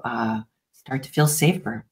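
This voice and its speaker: A woman guest, a practitioner of parts therapy, explaining her approach gently with frequent pauses and restarts in an interview. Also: extremely low pitch.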